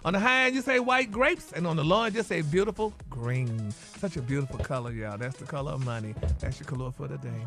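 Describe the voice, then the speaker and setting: A man's voice: a little high, fast, few pauses, a bit bright, soft background music. A man hosting a gossip segment on a radio morning show, flamboyant and dropping "honey" and "y'all" into nearly every sentence. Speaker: celebrity gossip segment host.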